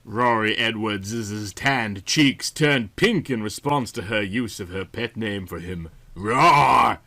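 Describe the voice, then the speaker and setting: A man's voice: lowish voice, slow, bright, forceful tone. A man giving a comedic reading of a novel, with a dry, mock-serious delivery. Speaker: reader.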